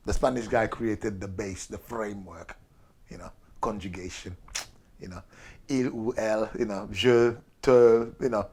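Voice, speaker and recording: An older man, a show regular whose first language is Portuguese, is tipsy and rambles through a profane history rant, acting out characters in quotes. His voice is fairly low and darkish with a breathy edge, at normal speed.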